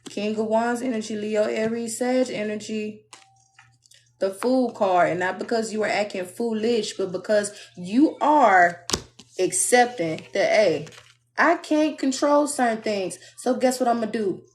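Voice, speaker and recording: A young woman giving a live tarot reading in a blunt, sassy, preachy way, mimicking people in a high voice. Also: a little slow, slight background noise. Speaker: tarot reader.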